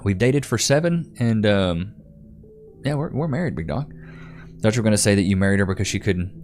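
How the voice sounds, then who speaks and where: A man's voice: on the low side, lively intonation, a little fast, a little mellow, faint music behind. A man in his thirties hosting a livestream, chatting casually with viewers and calling them bro and dude. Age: 30s. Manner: laid-back, slangy, calls viewers bro and dude. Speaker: livestream host. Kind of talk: casual livestream chat answering comments.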